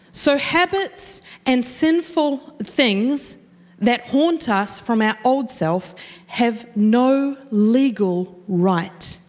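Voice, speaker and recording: Woman preaching in a reverberant hall. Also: fairly high pitch. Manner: animated storytelling, acts out quoted voices. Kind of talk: sermon. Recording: long reverb of a church hall.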